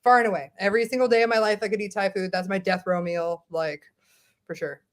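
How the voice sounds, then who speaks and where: A woman in her thirties from New York City, with a softened Queens accent, chatting casually as a guest on a video call and laughing often. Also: mid-range voice, steady tone, quick pace. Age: 30s. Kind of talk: casual chat.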